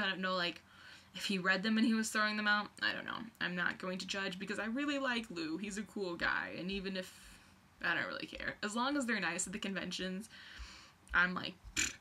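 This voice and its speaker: A young vlogger tells a story in a medium-pitched voice, getting excited and rambling, constantly restarting and dropping in fillers.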